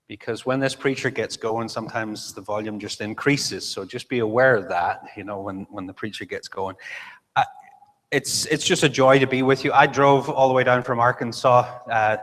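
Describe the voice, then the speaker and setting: A man's voice: mid-range voice, fairly bright tone. A middle-aged man from Northern Ireland with a Northern Irish accent, a visiting missionary speaker giving a conversational church talk with light humor and frequent fillers. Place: church sanctuary. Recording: reverberant church hall.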